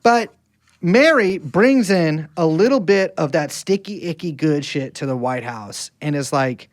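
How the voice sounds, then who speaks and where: A man's voice: on the high side, animated, unhurried, no echo, clean studio sound. A man co-hosting a podcast, rambling and joking in casual banter with many restarts. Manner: rambling, jokey, frequent restarts. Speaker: podcast co-host.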